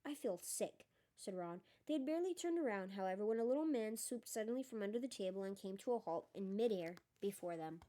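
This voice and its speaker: A woman reads a story aloud in a soft, mellow voice. She is not a polished narrator and breaks off now and then to chat about what she has just read. Her pitch sits in an ordinary middle range. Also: lively intonation, fast, few pauses. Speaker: reader. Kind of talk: audiobook reading with asides.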